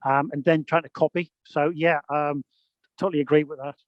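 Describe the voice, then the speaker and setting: A man's voice: on the high side, steady tone, a little fast, no echo. A British man talking thoughtfully on a video call, with long questions and repeated words. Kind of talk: casual video-call chat. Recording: muffled, dry video-call audio.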